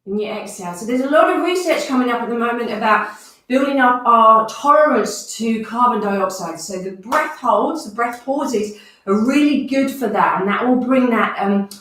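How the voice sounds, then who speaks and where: A woman's voice: a little high, lively intonation, moderate pace, fairly bright tone, distant mic. A woman leading a guided movement and breathing class, calling out each movement and breath cue as she goes. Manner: instructive, counting out movements and breath cues. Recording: very echoey room, voice from off the mic.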